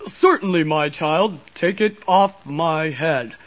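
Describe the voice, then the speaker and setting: A woman voicing a forgetful, puzzled old Santa in a storybook, talking slowly and hesitantly, heard on a dull lo-fi recording. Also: low-pitched.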